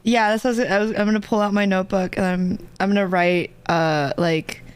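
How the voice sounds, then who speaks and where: A woman's voice: mid-range voice, fairly even intonation, brisk, clear, resonant tone, dry recording. A woman player in a tabletop game, chatting casually and restarting her sentences often. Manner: chatty, restarts, many "like" fillers. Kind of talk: casual tabletop role-play.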